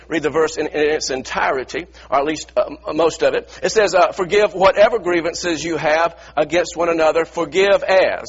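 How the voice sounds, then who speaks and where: Husky high-voiced male preacher, muffled recording. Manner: earnest, repetitive preaching with stammered restarts and rhetorical questions. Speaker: pastor. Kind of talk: sermon. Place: church.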